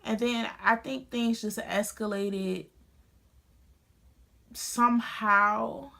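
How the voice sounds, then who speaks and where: A woman's voice: a little high, fairly even intonation, very slow, creaky, sharp tone. Young woman telling a painful story. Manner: earnest and emotional, many restarts. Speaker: beauty vlogger. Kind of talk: casual storytelling to camera. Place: home studio. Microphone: phone camera.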